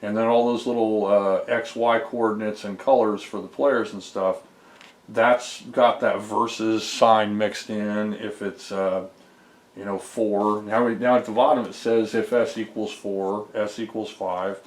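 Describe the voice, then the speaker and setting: A low-pitched man explains his game code in a loose, rambling vlog. He fills the pauses with ums and uhs as he goes step by step. His voice carries an echo from the room around him. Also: fairly even intonation. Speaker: homebrew game developer. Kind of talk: casual screen-recorded dev vlog.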